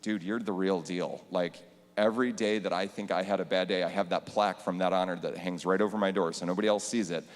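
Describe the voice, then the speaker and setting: Deep-voiced man telling a story. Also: steady tone, quick pace. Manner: earnest storytelling, acts out quotes. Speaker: band director and teacher. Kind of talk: panel storytelling at church event. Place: church sanctuary. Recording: hall reverb.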